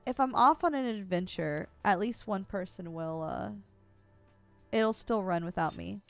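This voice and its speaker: A woman's voice: medium pitch, a little slow, no echo, faint music behind. A woman streamer giving playful, chatty commentary while playing a video game. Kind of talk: casual gameplay commentary.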